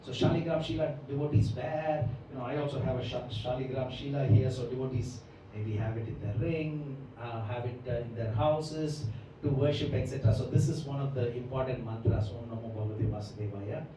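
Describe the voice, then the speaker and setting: This Bhagavatam class lecturer, mid-range and steady in tone, speaks fairly quickly while giving a long explanatory talk on devotional scripture, frequently asking "right?". Noise fills the background, and the distant mic captures an echoey hall.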